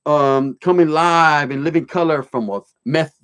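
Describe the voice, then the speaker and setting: Casual streetwise dude on a livestream, kinda high voice, swears a lot, reads chat and tells stories. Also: male voice, normal speed, a bit bright, smooth. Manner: streetwise slang, swearing, storytelling. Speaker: livestream host reading chat.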